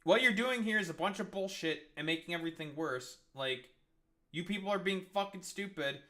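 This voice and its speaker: A man's voice: sits high, fairly quick, fairly bright tone. A man ranting over news clips, angry, profane and sarcastic. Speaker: streamer reacting to news clips.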